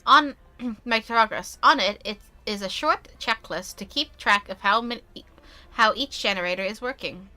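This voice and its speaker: A woman's voice: fairly high pitch, moderate pace. A young woman streaming a game, reading it aloud with chatty asides. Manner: chatty, animated asides, talks with food in mouth.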